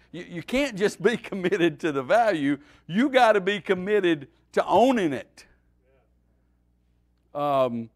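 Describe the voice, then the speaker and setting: A pastor teaching a midweek Bible study, his voice sitting a little high for a man. He preaches in a folksy, animated way, pushing loud on his points and dropping to a near murmur between them. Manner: folksy, animated preaching with wide swings in loudness.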